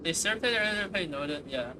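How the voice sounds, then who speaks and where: A man's voice: on the high side, animated, fairly quick, very noisy. A man streaming a strategy game, chatting casually, swearing and laughing at himself. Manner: laughing, swearing, self-mocking. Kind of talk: casual game livestream chat.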